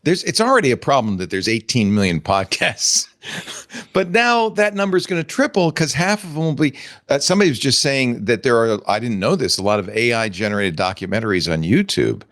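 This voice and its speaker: An older man hosting a casual tech panel show, animated and laughing often as he thinks aloud. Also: medium pitch, brisk, no room sound, clean studio sound. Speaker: host.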